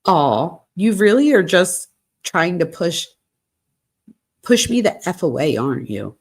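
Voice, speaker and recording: Lowish raspy woman host reading out a text chat, voice swings up and down a lot. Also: very animated, slow. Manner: reads both sides of a chat, breaking in with stunned asides. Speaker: true crime commentary host. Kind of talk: reading text messages aloud with commentary.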